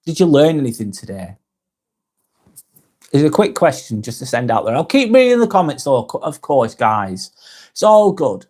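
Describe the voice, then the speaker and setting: A man's voice: on the high side, a little mellow, husky. A man with a Northwest English accent hosting a casual live vlog, chatting loosely, reading viewer comments aloud and swearing now and then. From Northwest England. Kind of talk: casual livestream chat.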